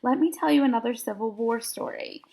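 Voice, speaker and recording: A woman reading the lines of a calm man who poses as a Civil War general, with a steady, reassuring manner. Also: on the high side, a little fast, creaky. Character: calm male school visitor posing as a Civil War general.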